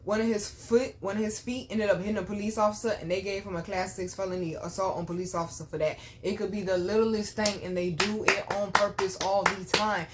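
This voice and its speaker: A woman's voice: medium pitch, steady tone, fairly quick, few pauses, background noise. Young woman host, mid-range voice, tells her story to camera bluntly with plenty of swearing. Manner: blunt, profane, talks straight to viewers. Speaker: channel host.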